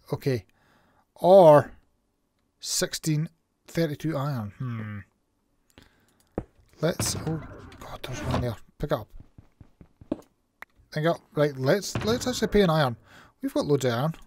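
Scottish male gaming host, casual playful commentary, measured unhurried delivery. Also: a little high, animated, a little mellow, a little hiss or hum. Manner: chatty, playful, makes little sound effects.

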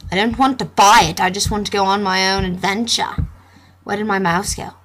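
A young woman talks over a computer game, joking sarcastically and reading the characters' lines aloud. Her voice is breathy and sits at an ordinary pitch. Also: fairly even intonation, a little fast, fairly bright tone. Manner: playful, sarcastic, reads game dialogue aloud. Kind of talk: gameplay commentary.

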